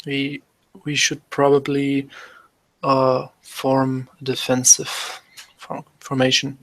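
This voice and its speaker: A man with a slow, gravelly voice speaks in character during a tabletop game. The sound is dry and close, and he stays cautious and measured. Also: mid-range voice, monotone, fairly bright tone, dry recording, poor audio. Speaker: player.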